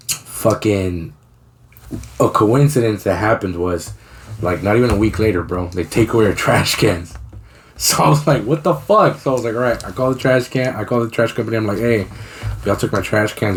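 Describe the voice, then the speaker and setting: A man's voice: lowish voice, moderate pace, a little hiss or hum. Profane young man telling a story. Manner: profane, slangy, animated storytelling. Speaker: podcast co-host. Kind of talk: casual storytelling chat.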